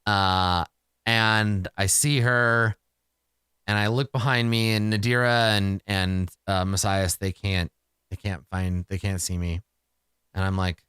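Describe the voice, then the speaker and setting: A man's voice: lowish voice, steady tone, slow pace, fairly bright tone, smooth, no room sound, clean studio sound. A man narrating a solo tabletop game in a casual, profane, exasperated ramble.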